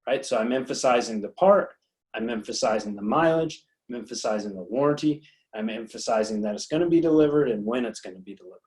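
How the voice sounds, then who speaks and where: A man's voice: mid-range voice, lively intonation, a little mellow. A man presenting a sales training session as a consultant, talking in a coaching way, repeating words and checking in with "right?". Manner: acts out customer dialogue in quick quotes.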